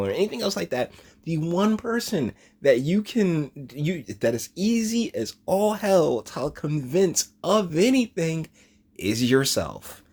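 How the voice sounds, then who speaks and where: Animated man in mocking video commentary. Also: fairly high pitch. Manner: mocking, laughs often, stammers. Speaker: vlogger reacting to a video. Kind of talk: casual reaction commentary.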